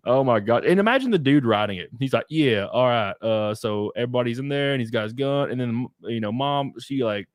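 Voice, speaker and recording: A man hosting a podcast in a laid-back, casual way, reading out viewer comments with a swear here and there. His voice sits at a medium pitch and sounds dry, close to the mic. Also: fast, hardly any pauses, no echo. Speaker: podcast host.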